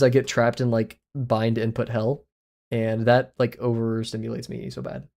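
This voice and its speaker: A man with a medium-pitched, steady voice, gravelly and a little mellow, talks at a normal speed. He's livestreaming while he draws, chatting casually in a rambling, self-deprecating way.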